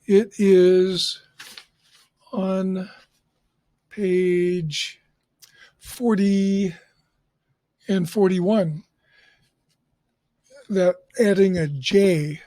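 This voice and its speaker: Slow-talking man teaching English. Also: high voice, fairly even intonation, mellow, dry recording. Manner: slow, explanatory with fillers. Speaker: ESL teacher. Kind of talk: classroom lecture.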